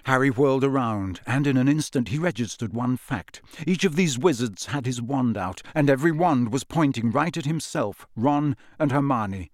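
Male audiobook narrator, dramatic and expressive, very lively pitch, dry booth. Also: normal speed, hardly any pauses, no room sound. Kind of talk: storybook narration.

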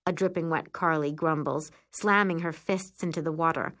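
A woman narrating a first-person storybook in an expressive, lively way. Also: deep voice, moderate pace.

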